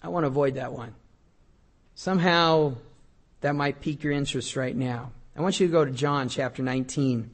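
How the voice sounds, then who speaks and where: At a medium pitch and moderate pace, a middle-aged male pastor gives a sermon that feels conversational and full of jokes. He reads from scripture and alternates between loud and quiet delivery.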